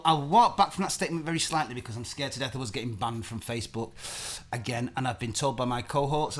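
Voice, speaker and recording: A man hosting a live-streamed chat show, talking in a heated, emphatic way and swearing often. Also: medium pitch. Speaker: host.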